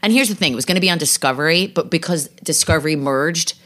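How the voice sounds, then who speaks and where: A woman's voice: sits low, quick pace, fairly bright tone. A woman hosting a podcast, chatting casually, gossiping and swearing freely about shows she watched. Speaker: podcast host. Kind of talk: casual chat.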